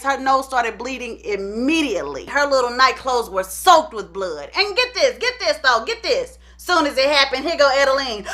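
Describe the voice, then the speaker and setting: A woman's voice: high-pitched, very animated, normal speed, hardly any pauses, pushed and bright. A woman hosting her channel, telling a story in a chatty way with asides to her viewers. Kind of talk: casual storytime narration.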